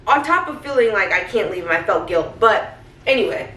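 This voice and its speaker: Rambling young mom in a roomy kitchen. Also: female voice, mid-range voice, expressive, a little fast, far from the mic. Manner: rambling, candid, heavy use of "like". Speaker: stay-at-home mom vlogger. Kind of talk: casual confessional vlog. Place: home kitchen. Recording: roomy, off-mic, faint hiss.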